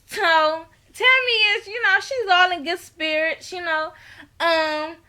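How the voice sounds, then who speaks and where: Bright-voiced woman recapping reality TV. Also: very high voice, slow. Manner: animated, blunt and slangy, laughs often. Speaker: reality TV reviewer. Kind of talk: casual recap vlog.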